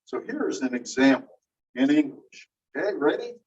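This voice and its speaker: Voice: medium pitch, big pitch swings, normal speed, darkish tone, slightly rough, muffled recording. A teacher giving a phonetics lecture in class, patiently quizzing students with questions and spelling out examples. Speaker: linguistics teacher.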